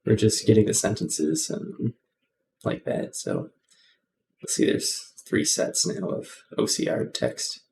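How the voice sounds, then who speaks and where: A man's voice: fairly low pitch, huge pitch swings, slow pace, gravelly, darkish tone, a little hiss or hum. A man hosting a casual coding tutorial, rambling with many ums and self-corrections.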